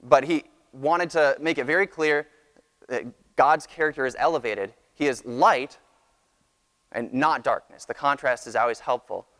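A man delivers a Sunday sermon in a measured, earnest teaching voice. He often restarts a phrase before pressing on. His voice carries a long reverb from a church sanctuary. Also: mid-range voice, fairly bright tone. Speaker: pastor.

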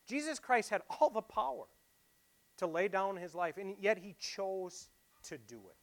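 A man preaching a sermon, asking his listeners questions and swinging between loud emphasis and quiet asides. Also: sits high, very animated, unhurried, pauses often. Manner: asks the congregation rhetorical questions.

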